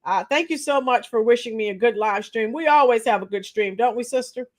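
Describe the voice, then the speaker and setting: A high-pitched woman hosts a chatty livestream, calling out viewers by name as they join. Her voice sounds slightly strained, and she clears her throat now and then. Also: brisk. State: slightly strained voice after a week of teaching. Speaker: livestream host. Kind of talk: casual live chat with viewers.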